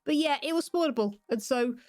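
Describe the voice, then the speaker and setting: Chatty British woman, high voice. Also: a little fast, darkish tone, dry recording, clean studio sound. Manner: chatty and playful. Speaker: Minecraft YouTuber. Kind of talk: casual gameplay commentary.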